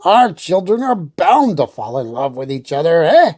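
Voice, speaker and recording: A woman voicing an excitable, pompous old king who squeaks and sputters when he shouts. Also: normal speed. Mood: bossy.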